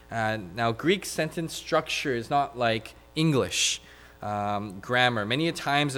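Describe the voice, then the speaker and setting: A man's voice: mid-range voice, a bit bright. A man preaching a sermon, reading scripture aloud with many "uh" fillers and building to emphatic repetition.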